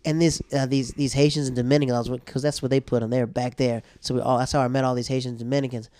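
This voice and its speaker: A young man tells stories in a slangy, animated way in casual talk. He has a mid-pitched voice, and the sound is dry and close. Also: very fast, clear, resonant tone, dry recording. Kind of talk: casual chat.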